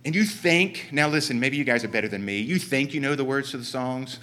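A man's voice: a little high, animated, fast talker, hardly any pauses, sharp tone. A man with a Southern Ohio accent telling a long, rambling story from the church pulpit in run-on sentences. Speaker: church member giving a talk. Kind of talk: sermon storytelling. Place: church sanctuary.

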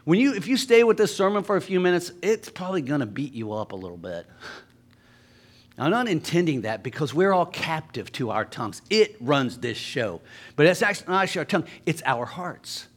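A pastor preaching a sermon in a church, talking to the congregation conversationally and telling jokey stories. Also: male voice, on the high side, very animated, fairly quick. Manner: conversational, joking storytelling.

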